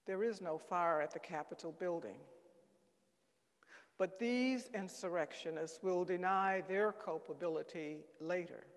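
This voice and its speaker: A man with a high voice reads a solemn passage at a measured, unhurried pace. He speaks gravely and deliberately and presses on key words. His voice rings out with the long reverb of a church. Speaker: reader at a Good Friday service. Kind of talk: solemn dramatic reading.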